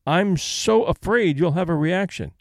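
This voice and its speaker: A man voicing a plain, restrained middle-aged female companion who speaks in a flat, dutiful way. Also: high-pitched, unhurried, no echo, studio quality.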